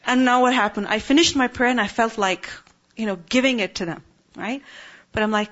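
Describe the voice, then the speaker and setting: A woman in her thirties teaching an Islamic class in a calm, conversational way, often checking in with her listeners. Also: fairly high pitch, a little fast. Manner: calm, conversational, many tag questions. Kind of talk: religious class talk. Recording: dull lo-fi recording.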